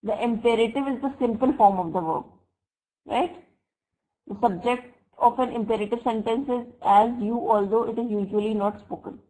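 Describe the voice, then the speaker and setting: Woman, online grammar teacher, slightly high voice, slow examples, keeps asking "right?". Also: dark tone, rough recording. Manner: checks understanding with frequent "right?" and "fine?"; slow, deliberate example sentences. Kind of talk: online English grammar lesson. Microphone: computer mic for a web class.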